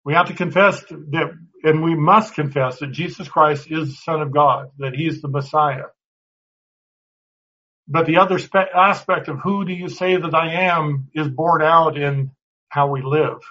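A man's voice: on the high side, measured pace, pushed and bright. A man teaching a Bible class in a conversational way, often restarting words and putting questions to the class. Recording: dull lo-fi recording.

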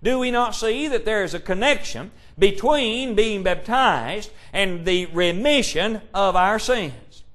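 A man's voice: high voice, animated, slow, few pauses, a bit bright. A man preaching a sermon, emphatic and full of rhetorical questions, quoting scripture in old-fashioned wording.

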